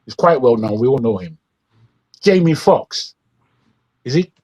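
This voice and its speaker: A man's voice: medium pitch, expressive, unhurried, mellow, breathy edge, lo-fi sound. A man hosting an opinionated news commentary show, talking in an indignant, rambling way with frequent restarts. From England. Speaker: host.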